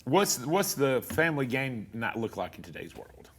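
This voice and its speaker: A man's voice: medium pitch, very animated, moderate pace, fairly bright tone, slight background noise. A man hosting a talk show, asking teasing questions in casual chat. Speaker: host.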